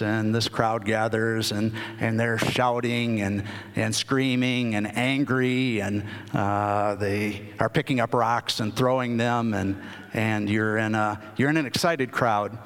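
Male preacher, unhurried and halting, mid-range voice, long hall reverb. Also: mid-range voice. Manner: unhurried, many fillers and restarts. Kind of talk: sermon.

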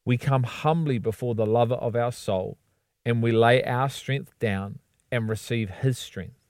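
A man giving a scripted devotional reading in an earnest, measured way, stressing key words. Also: medium pitch, a little mellow, no echo, studio quality. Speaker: devotional book reader.

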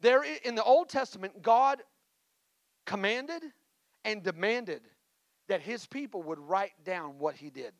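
A male pastor, preaching a sermon with a personal story and energetic call-and-response exhortations. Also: high voice, measured pace, pauses often, no room sound, rough recording. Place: church.

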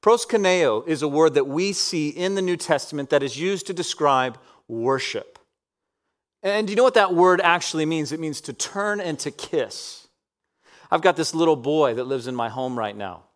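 Dynamic male preacher, loud to hushed. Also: fairly high pitch, expressive, normal speed. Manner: dynamic preaching, swinging from loud emphatic peaks to soft near-whispers. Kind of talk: sermon.

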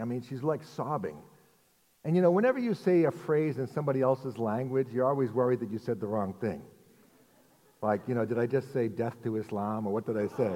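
A middle-aged man preaching a sermon in a relaxed, conversational way, mixing jokes and rhetorical asides. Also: mid-range voice. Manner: conversational, self-deprecating humor with rhetorical asides. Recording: long hall reverb.

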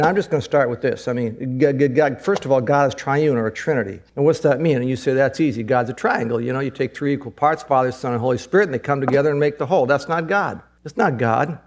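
A middle-aged man preaching a sermon, emphatic, repeating phrases and rising to high excited peaks. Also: fast, hardly any pauses. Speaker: pastor.

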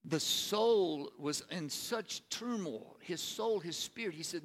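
A man's voice: high-pitched, animated, slow pace, few pauses. A male pastor preaching a sermon in an earnest manner, asking the listeners rhetorical questions. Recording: long reverb of a large hall.

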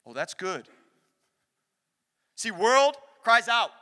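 High, bright-voiced preaching man in a hall. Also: unhurried, pauses often. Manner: animated preaching, acts out quoted voices. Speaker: pastor. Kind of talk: sermon. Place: church sanctuary. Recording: long hall reverb.

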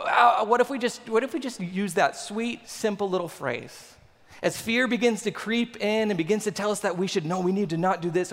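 High-voiced pastor in a reverberant hall. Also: male voice. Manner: animated, conversational preaching with laughs. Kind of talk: sermon.

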